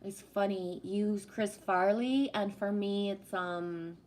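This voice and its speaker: A woman hosting a relaxed livestream and talking straight to her viewers. Her voice is projected and strong, her pitch sits in a middle range, and she is fond and familiar with the chat. A faint ambient hum sits under her voice. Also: slow, few pauses. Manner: affectionate, calls viewers sweetie. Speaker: livestream host reading chat. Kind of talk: casual live-stream chat with viewers.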